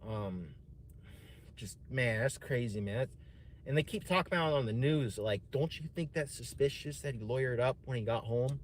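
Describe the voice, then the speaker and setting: A man's voice: medium pitch, moderate pace, a little hiss or hum. A man streaming, telling a personal story in a casual, rambling way, swearing often and saying "man" and "dude" a lot.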